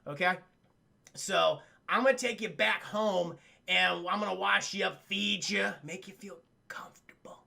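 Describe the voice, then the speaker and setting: A man's voice: high voice, measured pace, vocal fry, sharp tone, full character voice. A man briefly voicing a masked male vigilante, giving blunt, matter-of-fact orders.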